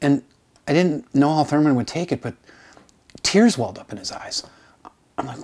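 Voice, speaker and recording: A male composition instructor tells his students a personal story in an informal recorded lesson. He talks conversationally and acts out the lines other people said. In the sad stretches his voice drops low and hushed. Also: animated, normal speed, long pauses, breathy edge. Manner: conversational, acts out quoted dialogue with voice shifts.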